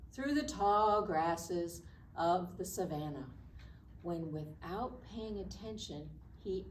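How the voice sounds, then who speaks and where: A woman librarian reads a story aloud to children in a slow, animated storytelling voice. Her voice sits a little low. She is recorded in an echoey library room, some distance from the mic, over faint background noise. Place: public library branch.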